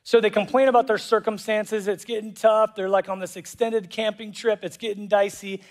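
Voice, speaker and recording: A man preaching a sermon as pastor, animated and jokey, acting out voices in quotes. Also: high-pitched, normal speed. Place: church auditorium.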